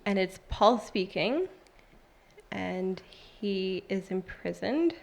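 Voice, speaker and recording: The voice is a woman's, medium in pitch, gravelly and slow, with lively intonation. In her thirties and at a church service, she shares a heartfelt personal testimony in a conversational style heavy with fillers, afterward reading scripture aloud.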